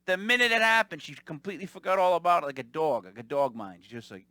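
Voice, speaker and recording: Animated, bright-voiced man telling stories. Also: fairly high pitch, fast talker, dry recording. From Italian-American family. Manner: animated, rambling, mimics callers. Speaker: podcast host. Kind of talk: casual storytelling monologue.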